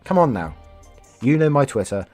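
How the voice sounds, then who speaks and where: A man's voice: mid-range voice, very animated, moderate pace, a little mellow, soft background music. A man reading online stories aloud as a YouTuber, casual, swearing, breaking off to react and comment. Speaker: storytelling YouTuber.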